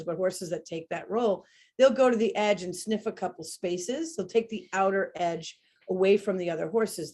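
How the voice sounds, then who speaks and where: Animated woman explaining horse behavior. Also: on the low side. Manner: animated, demonstrates sounds. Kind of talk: explanatory webinar conversation.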